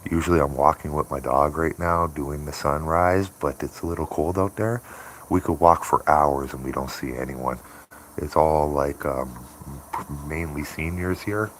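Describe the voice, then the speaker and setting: A man's voice: very deep voice, normal speed, a bit bright, a little hiss or hum. A man chatting casually on a morning live stream, rambling and laughing often. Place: home by a window.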